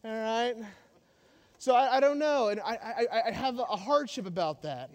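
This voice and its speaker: A male pastor delivering an animated, joking sermon in a church, with a very high voice for a man. He presses his points with emphasis. A long hall reverb rings after his words. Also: moderate pace. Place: church sanctuary.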